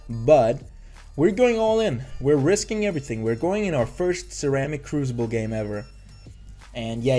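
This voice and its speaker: Nervous young man rambling over gameplay. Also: mid-range voice. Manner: nervous, excitable, rambling with frequent restarts. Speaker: gaming YouTuber. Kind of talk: casual gameplay commentary.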